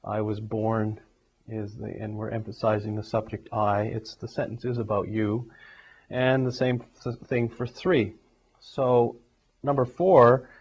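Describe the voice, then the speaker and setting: Man teaching a grammar lesson, husky voice, numbered examples, dull lo-fi sound. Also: on the low side. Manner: explains step by step, numbers each example. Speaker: English teacher. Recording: dull lo-fi recording.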